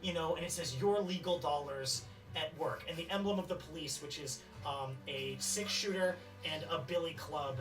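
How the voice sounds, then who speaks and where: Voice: mid-range voice, normal speed, hardly any pauses. A game master narrating a tabletop game scene, rambling with many fillers and restarts. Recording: distant mic with faint music.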